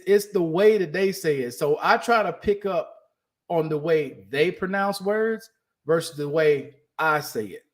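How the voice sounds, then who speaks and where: Emphatic man, slightly higher voice. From United States. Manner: candid, emphatic, repeats himself while searching for words. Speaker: podcast host. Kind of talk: casual monologue to listeners.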